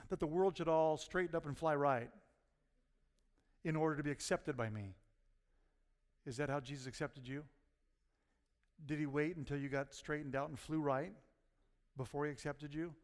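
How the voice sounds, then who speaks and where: Male pastor, sermon delivery, storyteller with loud punchlines, reverberant sanctuary. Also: on the high side, normal speed, long pauses. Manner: storytelling, rising to near-shouts at punchlines. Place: church sanctuary.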